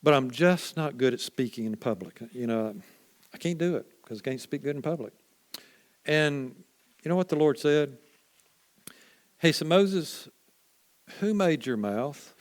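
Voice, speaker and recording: A man's voice: mid-range voice, normal speed, pauses often. Folksy man preaching in first person. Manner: folksy and conversational, often drops to a quiet hush. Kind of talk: first-person storytelling sermon.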